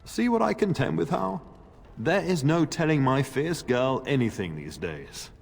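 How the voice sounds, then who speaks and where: A man's voice: on the high side, sing-song, measured pace, gravelly, slightly rough, exaggerated voice. An actor playing a jovial noble lord and father in a fantasy game, hearty and teasing. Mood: genial. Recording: game audio with reverb.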